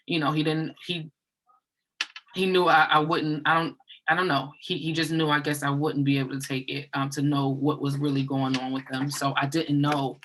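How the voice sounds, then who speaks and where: Bright-voiced woman telling a painful story. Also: deep voice, level tone, slight background noise, low-quality recording. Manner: earnest, repeats herself, halting restarts. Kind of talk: emotional personal storytelling.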